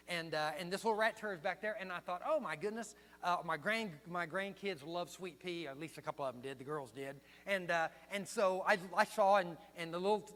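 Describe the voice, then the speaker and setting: An older male pastor preaches in a fairly high voice. He tells stories, dropping to a hush and then rising loud. His voice rings through a long hall reverb over a low mains hum. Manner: storytelling, swinging from hushed to loud. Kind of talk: sermon. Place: church sanctuary.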